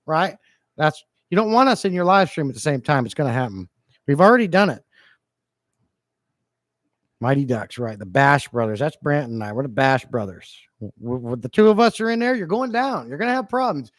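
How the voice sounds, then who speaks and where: A man hosting a relaxed livestream from his home fish room, rambling and joking as he greets his chat. His voice sits at an ordinary middle pitch, close to the desk mic with a dry, dead sound and no room around it. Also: normal speed, long pauses, dry recording. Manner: playful, rambling, jokey with chat. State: a bit low-energy. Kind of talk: casual livestream chat reading comments.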